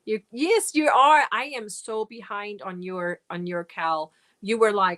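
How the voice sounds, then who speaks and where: Lady chatting slowly on a crochet livestream, rambly, laughs a lot. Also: medium pitch, fairly bright tone. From Germany. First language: German. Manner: chatty, rambling, laughs often, reads and answers comments. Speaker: crochet channel host. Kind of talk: casual live-stream chat with viewers.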